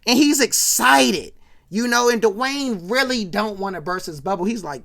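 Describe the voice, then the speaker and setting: A woman's voice: on the high side, animated, unhurried, creaky, a bit bright. A woman giving a chatty, slangy recap of an old sitcom episode, with asides to her viewers. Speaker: vlogger.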